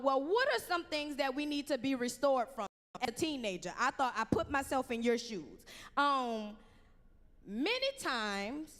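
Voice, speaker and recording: High-voiced woman preaching to youth. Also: a bit bright, long reverb tail. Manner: slangy, call-and-response with the audience. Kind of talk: conversational youth sermon. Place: church sanctuary.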